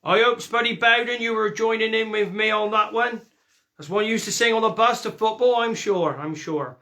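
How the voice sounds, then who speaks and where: A man's voice: high-pitched, pushed and bright. A man singing folk songs and chatting between them in a jokey way. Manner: sings folk songs, then chats fast and jokey. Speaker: singer and host.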